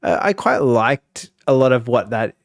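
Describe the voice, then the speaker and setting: A man's voice: mid-range voice, sing-song, a little slow, creaky, dry recording, clean studio sound. A man co-hosting a casual podcast who rambles with lots of restarts and likes to joke. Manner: rambling with many restarts, joking. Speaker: podcast co-host. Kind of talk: casual chat.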